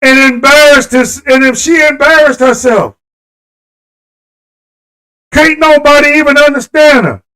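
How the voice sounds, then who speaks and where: Fired-up high-voiced man ranting on a livestream. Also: measured pace, long pauses, bright, forceful tone, low-quality recording. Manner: impassioned, talks straight to viewers. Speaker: live stream host. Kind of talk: livestream political rant.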